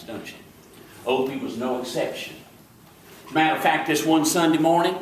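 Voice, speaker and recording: A man playing an excitable, boastful small-town deputy with a Southern accent, rambling and fumbling for words in a live stage comedy monologue. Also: mid-range voice, a little hiss or hum, close to an everyday voice. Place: stage before an audience. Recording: echoey hall, from far off.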